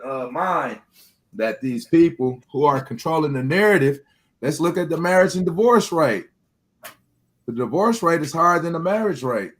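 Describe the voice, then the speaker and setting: A man talking in a loose group chat, emphatic and profane, who keeps checking in with "you hear me?". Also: medium pitch.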